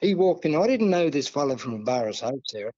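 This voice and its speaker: A man's voice: a little high, very animated, fast talker, mellow, highs cut off. A man with an Australian accent, a guest telling a long, rambling story in a casual interview, full of asides.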